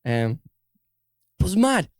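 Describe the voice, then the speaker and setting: A man's voice: sits high, big pitch swings, slow, dry recording. A young man with a Dublin Irish accent, co-hosting a podcast, telling a story in casual chat, swearing a lot and acting out the people in it. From Ireland. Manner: swears often, acts out voices in his story. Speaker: podcast co-host.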